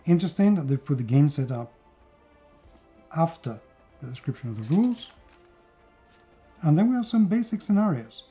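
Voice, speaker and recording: A man's voice: on the high side, very animated, normal speed, pauses often, warm tone, soft background music. A man from Spain with a Spanish accent, chatting enthusiastically through a board game unboxing with plenty of fillers and restarts. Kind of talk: casual unboxing video.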